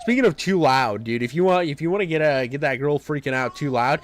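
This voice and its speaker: Crude, high-voiced male reaction streamer. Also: fast. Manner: crude, profane, laughs often. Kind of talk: casual reaction commentary.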